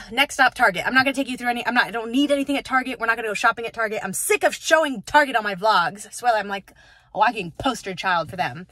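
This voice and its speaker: A young woman vlogging casually to camera, bubbly and gushing with excitement. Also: fairly high pitch, fast, far from the mic. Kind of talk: casual vlog talk to camera.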